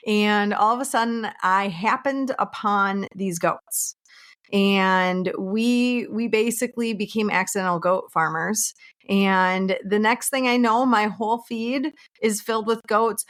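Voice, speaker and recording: A woman's voice: medium pitch, fairly bright tone. A woman from small-town Minnesota with a Minnesotan accent, a realtor chatting as an interview guest in a friendly, storytelling way. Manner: friendly, storytelling, laughs easily. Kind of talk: casual interview chat.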